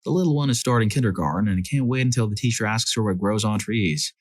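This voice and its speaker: A man narrating a series of reader-submitted stories as a scripted storyteller, lively when he voices the quoted lines. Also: lowish voice, fast, no room sound.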